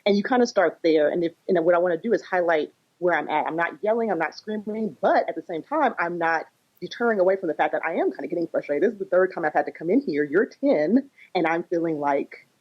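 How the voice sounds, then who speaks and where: Low, husky woman talking fast. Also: lively intonation, dull audio. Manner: explains through acted-out examples, frequent "you know" and "kinda". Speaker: psychotherapist and parenting coach. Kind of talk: podcast interview.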